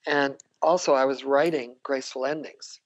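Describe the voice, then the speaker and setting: A woman's voice: extremely low pitch, steady tone, moderate pace, dull audio. An older woman, a guest on a podcast, telling reflective personal stories and laughing often. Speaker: interview guest, psychotherapist. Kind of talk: conversational storytelling.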